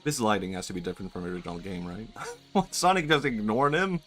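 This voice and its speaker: A man with a fairly low voice talks casually while he plays a video game, laughing often and swearing along the way. He rambles from one thought to the next into a desk mic, with soft game music underneath. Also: animated, quick pace. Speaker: streamer. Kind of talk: casual gameplay commentary.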